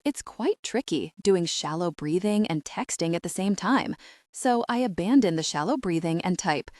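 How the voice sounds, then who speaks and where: A woman narrating a comic novel in the first person, expressive and animated. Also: lowish voice, moderate pace, no echo, studio quality. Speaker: audiobook narrator.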